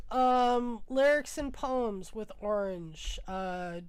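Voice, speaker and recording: Slow, unhurried woman streaming from home. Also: mid-range voice, clear, resonant tone. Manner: unhurried, musing aloud while browsing. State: congested, tired from a sinus infection. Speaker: musician livestream host. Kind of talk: casual livestream chat.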